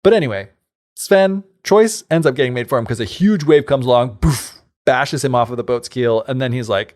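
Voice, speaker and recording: A man retells a fairy tale on a podcast in a loose, rambling way, filling his sentences with "like" and side remarks. His pitch moves about a lot, rising and falling as he talks. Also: expressive, a little fast, a little mellow. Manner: rambling, many likes and asides. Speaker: podcast co-host. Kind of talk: casual storytelling chat.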